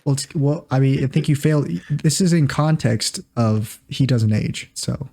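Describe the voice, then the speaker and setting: A man's voice: mid-range voice, moderate pace, warm tone. A man co-hosting a casual comedy podcast, throwing in dry, sarcastic quips and mock-serious asides. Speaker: podcast co-host.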